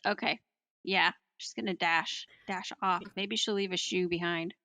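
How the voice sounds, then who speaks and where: A woman's voice: on the low side, fairly even intonation, a little slow, bright, forceful tone. A woman playing a tabletop game, easygoing and chatty. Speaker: player. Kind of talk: casual tabletop play.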